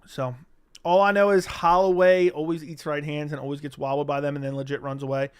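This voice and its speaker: Young man, livestream host, slightly high voice, smooth, dry sound, casual and profane. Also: fairly even intonation, a little fast, dry recording. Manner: casual, profane, reads chat comments aloud. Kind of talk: casual live-stream chat.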